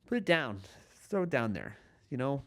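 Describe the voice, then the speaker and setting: A man hosting a podcast in a rambling comedic monologue, halting and full of restarts, often laughing at his own points. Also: medium pitch, very animated. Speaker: podcast host.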